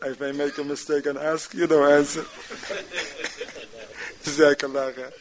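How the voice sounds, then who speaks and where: Male mosque teacher, lively, plays out scenes while he teaches, fairly high pitch. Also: normal speed, poor audio. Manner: animated, acts out dialogue, non-standard grammar. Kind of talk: lecture class.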